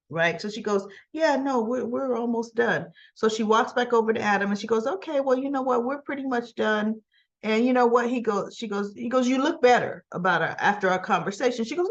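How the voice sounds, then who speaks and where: A woman's voice: fairly high pitch, lo-fi sound. A woman casually recapping a soap opera episode in a chatty way, acting out the characters' lines and often asking "right?".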